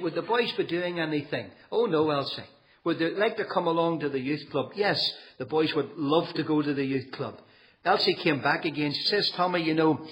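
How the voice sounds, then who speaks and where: Storytelling preacher, higher voice. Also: male voice, a bit bright, rough recording. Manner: humorous anecdotal storytelling, acting out quotes. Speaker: preacher giving testimony. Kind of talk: storytelling testimony.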